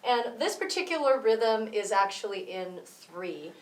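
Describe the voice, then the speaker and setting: A woman's voice: mid-range voice, expressive, measured pace. Woman teaching rhythm in an echoey room. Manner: explains step by step, counts beats aloud. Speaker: music teacher. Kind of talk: rhythm tutorial. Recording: roomy echo, voice from some distance.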